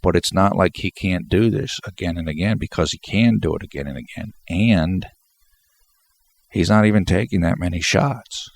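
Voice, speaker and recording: Deep-voiced and creaky, a congested man speaks at normal speed through a rambling solo post-game basketball breakdown. He keeps repeating words and starting his sentences over.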